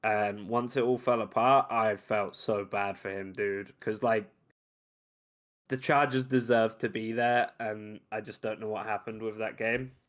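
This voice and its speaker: A man's voice: fairly low pitch, fairly even intonation, unhurried. A young man as a guest on a casual sports podcast, laid-back and slangy, swearing freely.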